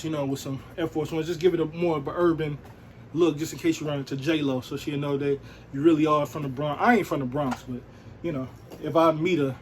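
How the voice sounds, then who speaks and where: Laid-back man, slightly high voice. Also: a little mellow, slight background noise, poor audio. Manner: laid-back, slangy, peppered with "you know what I'm saying". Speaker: sneaker and streetwear vlogger. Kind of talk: casual show-and-tell.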